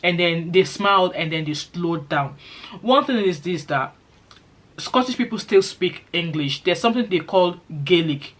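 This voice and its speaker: A middle-aged woman from Nigeria with a Nigerian accent, chatting quickly and animatedly to her channel's viewers. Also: fairly low pitch. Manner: fast-talking, lively storytelling. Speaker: vlogger. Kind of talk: casual chat to camera.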